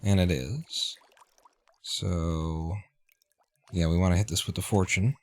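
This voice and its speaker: A man's voice: low-pitched, steady tone, takes it slowly. A man streaming a video game, talking casually and muttering to himself as he plays, over a noisy recording. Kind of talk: casual gameplay commentary.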